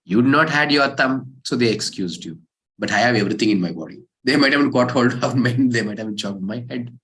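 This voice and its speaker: A man voicing a calm, wise minister in a spoken parable. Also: medium pitch, a little fast, natural voice. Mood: serene.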